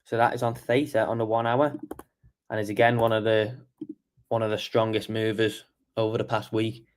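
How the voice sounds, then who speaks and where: A man's voice: fairly low pitch, flat delivery, normal speed, slight background noise. A man hosting a casual market review stream, tired and yawning as he walks through charts and answers chat questions. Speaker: trading show host.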